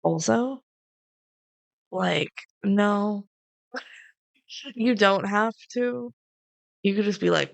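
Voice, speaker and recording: Kobieta z chrypką w głosie, suche nagranie. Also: female voice, medium pitch, extremely slow, creaky, long pauses, no room sound. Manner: animated retelling, acting out characters' lines. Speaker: podcast co-host. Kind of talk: casual movie recap chat.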